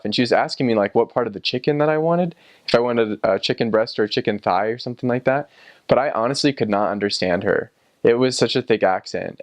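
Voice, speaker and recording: A young returned missionary casually recalls a personal experience in a slightly low voice, relaxed and rambling. He says um a lot, restarts often and chuckles frequently, and the close, dry recording has no room sound.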